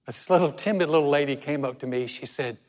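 A man preaching a sermon, telling stories in a conversational way and slowing down for emphasis. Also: a little high, darkish tone. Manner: storytelling, conversational with dramatic slow emphasis. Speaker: pastor. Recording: long hall reverb.

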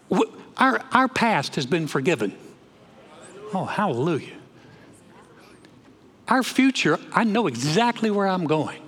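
A man, a pastor preaching a sermon in a church, folksy and animated, often repeating his words as he goes. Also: sits high, big-room sound. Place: church sanctuary.

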